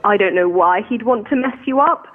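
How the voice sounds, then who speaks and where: A woman's voice: medium pitch, normal speed. A British woman calling in by phone, candid and self-conscious, often laughing at herself. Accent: British English. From England. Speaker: caller. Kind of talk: phone-in conversation. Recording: tinny phone line.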